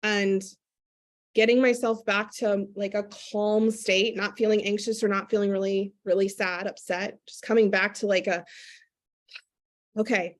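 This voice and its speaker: A woman's voice: mid-range voice, flat delivery, moderate pace. A woman speaking as a guest in a candid conversation, earnestly and reflectively explaining parenting step by step.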